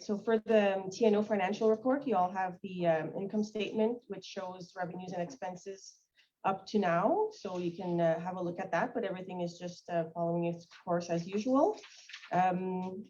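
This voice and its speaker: A woman's voice: mid-range voice, a little mellow, slight background noise. A woman presenting a financial report at a council meeting, reading figures in a matter-of-fact way with small hesitations. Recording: dull lo-fi livestream audio.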